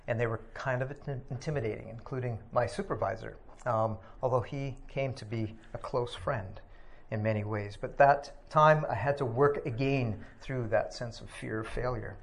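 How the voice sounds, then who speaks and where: A middle-aged man tells a personal story of faith in a thoughtful, unhurried way. He hesitates often, filling gaps with soft ums and uhs. His voice sits at an ordinary pitch for a man. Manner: reflective, halting with frequent ums and uhs. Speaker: speaker sharing a personal testimony. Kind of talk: personal testimony talk.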